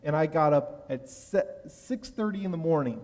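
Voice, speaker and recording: A rabbi preaches from the pulpit, his voice sitting a little high for a man. He tells a story from his own life with animated energy and gets loud at the big moments. Every word rings out through a large, reverberant sanctuary. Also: normal speed. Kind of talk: sermon with personal anecdote. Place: synagogue sanctuary. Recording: long reverb of a large hall.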